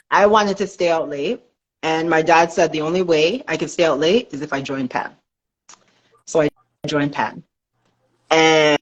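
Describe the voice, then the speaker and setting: A young Canadian woman, a dancer and fitness business owner, chats casually as a podcast guest in a fairly low voice. She tells animated stories and laughs often, and the recording is rough.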